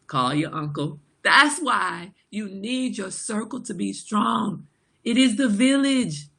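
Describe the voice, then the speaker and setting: Reading comments aloud and joking candidly with her live audience, a woman in her forties runs a casual livestream chat. She speaks in a medium-pitched, fairly bright voice.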